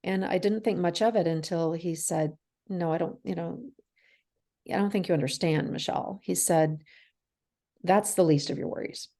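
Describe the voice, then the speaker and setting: A woman's voice: lowish voice, moderate pace, warm tone. A woman in her forties, a guest in an interview, telling a candid personal story and acting out the dialogue, laughing through hard memories. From Canada.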